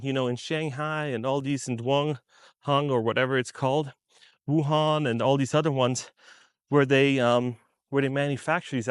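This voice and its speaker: Guy rambling through his opinions, kinda high voice, lots of "you know", dry close sound. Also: fairly bright tone, no echo. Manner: rambling, restarts often, many "you know"s. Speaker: video creator. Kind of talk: casual opinion monologue.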